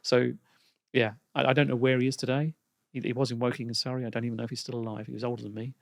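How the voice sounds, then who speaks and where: Guy with a gravelly voice, guest on a podcast, thinking out loud, dry sound. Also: mid-range voice, flat delivery, very fast, dry recording. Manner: reflective, hesitant, many fillers. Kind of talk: casual interview conversation.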